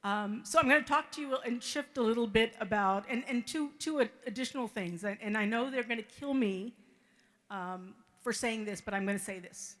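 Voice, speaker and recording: Middle-aged woman, mother of the bride, fairly high voice, emotional and halting wedding speech. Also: a bit bright. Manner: halting, repeats words, deeply grateful.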